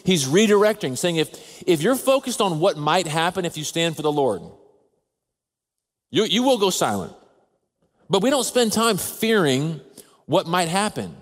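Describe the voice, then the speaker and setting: A man, a father of a toddler, preaching a sermon in an earnest, measured way with slow, emphatic pauses. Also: high voice, very animated. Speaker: pastor. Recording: long reverb of a large hall.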